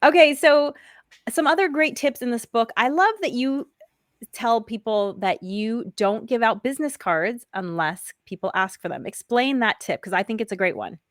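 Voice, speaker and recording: A woman's voice: on the high side, expressive, moderate pace, no room sound. Dry-voiced woman hosting a podcast. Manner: encouraging, laughs easily, lots of short agreements. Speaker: podcast host. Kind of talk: casual interview chat.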